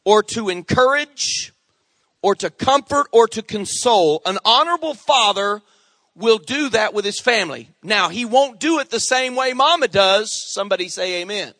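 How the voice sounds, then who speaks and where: A middle-aged male pastor preaching a sermon in an animated way, calling on the congregation for amens. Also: sits high, moderate pace, dry recording.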